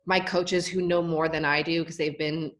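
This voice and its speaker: A young woman with a notably low-pitched voice talks through her time as a college volleyball player. She speaks candidly and casually, scattering "like" through her sentences. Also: level tone, moderate pace. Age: young adult. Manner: candid, frequent "like" fillers. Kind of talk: casual interview talk.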